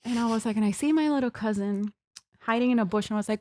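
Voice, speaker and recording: A young woman in her twenties, a podcast guest, telling a story in a lively way and acting out what people said. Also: fast talker, dry recording. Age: 20s. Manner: lively, acts out quotes with big pitch jumps. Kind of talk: animated storytelling.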